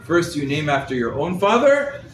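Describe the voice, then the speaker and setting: A man, a rabbi, giving a lively Torah class to a live group, quizzing his listeners and using Hebrew terms, recorded from across the room. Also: a little high, normal speed. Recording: roomy echo, mic set far off, faint background noise.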